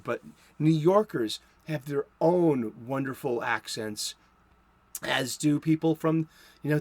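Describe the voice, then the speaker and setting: On the high side and free of echo, this man's voice carries a Boston accent; he's in his fifties and comes from South Boston, Massachusetts. He hosts a comic book podcast, rambling through a casual solo chat about comics with joking asides.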